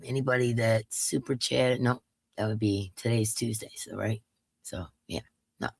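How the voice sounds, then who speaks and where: A congested woman with a drawl, her nose stuffy, talks casually with her viewers and greets them by name. Her voice has a gravelly fry running through it. The recording is dry and close, with no room sound. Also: extremely low pitch, fairly bright tone, no echo. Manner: chatty, greets viewers one by one. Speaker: live stream host.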